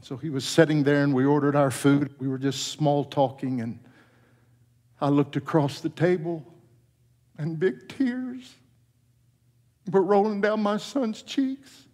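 A middle-aged man preaching a sermon as pastor, telling a story with soft, low quoted lines that climb into fervent passages. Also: measured pace, pauses often. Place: church sanctuary. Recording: long church reverb.

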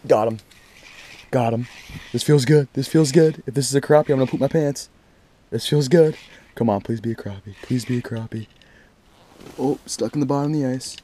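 A young man vlogging outdoors on a frozen lake, casually talking to his viewers and getting excited. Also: mid-range voice, fairly quick, long pauses. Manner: excitable, talks straight to viewers. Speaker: fishing vlogger. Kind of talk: casual vlog commentary.

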